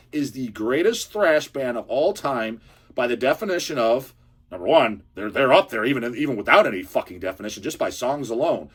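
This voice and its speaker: A man's voice: medium pitch, fairly quick, breathy edge. A man hosting his own channel, giving a profane, heated casual rant. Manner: profane, heated, animated ranting. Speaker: channel host. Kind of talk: ranting casual monologue. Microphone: handheld camera or phone.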